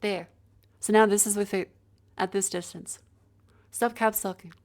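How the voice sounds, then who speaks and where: Holding a handheld mic, a talkative woman streamer shifts it to different distances from her mouth while testing it. She describes every step casually, like she's addressing a live chat, in a typical middle-pitched female voice with a steady tone and an unhurried pace.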